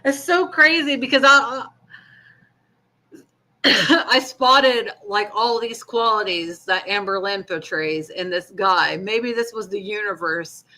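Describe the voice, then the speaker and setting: Bright-voiced woman chatting bluntly. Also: medium pitch, slow pace. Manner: candid, blunt, swears and laughs while telling a story. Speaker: co-host. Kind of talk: casual chat.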